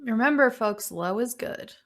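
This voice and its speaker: A woman narrating as game master of a tabletop role-playing game, describing scenes in an unhurried, descriptive way. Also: a little high, lively intonation, fairly bright tone.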